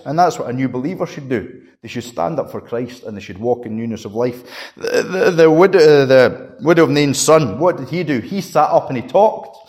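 A man preaching a sermon, swinging between raised, emphatic lines and quiet, hushed ones. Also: on the high side. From Scotland. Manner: dramatic emphasis, rising to a shout and dropping to a hush.

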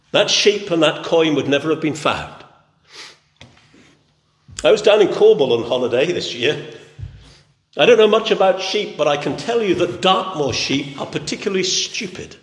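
A man preaches in a long, echoing hall. His voice sits high and swings widely in pitch. He builds emphasis through steady, repeated phrases. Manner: emphatic, repetitive preaching cadence. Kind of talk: sermon. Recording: echoey hall.

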